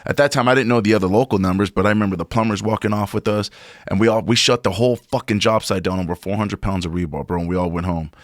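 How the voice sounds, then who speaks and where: A man's voice: fairly low pitch, fast, no room sound, clean studio sound. A man on a podcast telling a long work story in a casual, profane way, saying "bro" a lot. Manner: profane, animated, says "bro" often.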